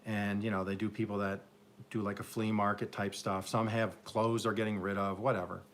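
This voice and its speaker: Upstate New York man, lowish voice, rambling self-mocking live-stream host, faint outdoor hum behind. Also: level tone, moderate pace. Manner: rambling, self-mocking, joking with chat viewers. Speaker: garden channel host. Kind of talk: live-stream casual chat. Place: home garden, Oklahoma.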